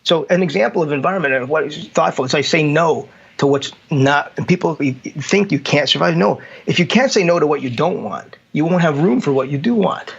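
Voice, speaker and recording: A man with a gravelly, husky voice pitched a little high, talking casually as he tells stories from his consulting work and acts out what others said, breaking off and restarting often. The recording sounds dull and lo-fi. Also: lively intonation, a little fast, few pauses. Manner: storytelling with acted quotes, many restarts. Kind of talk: casual conversation.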